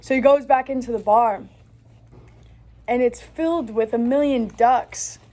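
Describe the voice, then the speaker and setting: A woman co-hosting a podcast, casually telling a joke in a relaxed way with plenty of fillers. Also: fairly high pitch, a little slow. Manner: relaxed storytelling with fillers like 'um' and 'like'.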